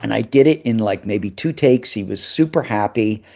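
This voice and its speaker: A man guest on a live interview show, telling lively anecdotes and acting out the voices of other people. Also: on the low side, normal speed, vocal fry. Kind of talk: animated storytelling in an interview. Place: live video call. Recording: slightly dull, lo-fi sound.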